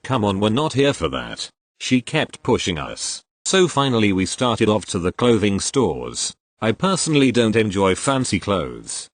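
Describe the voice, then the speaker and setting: Synthetic low male story-reading voice. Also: no room sound. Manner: even synthetic reading that speaks symbols and emoji names aloud. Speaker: story narrator. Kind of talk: reading online posts aloud.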